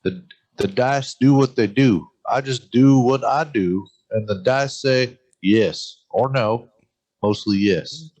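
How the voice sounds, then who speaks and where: A man's voice: medium pitch, takes it slowly, darkish tone. A man doing a drawling Louisiana accent as a boastful, carefree rogue in a tabletop game introduction. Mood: cocky. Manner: rambling, drawling, cocky. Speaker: player. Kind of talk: in-character introduction.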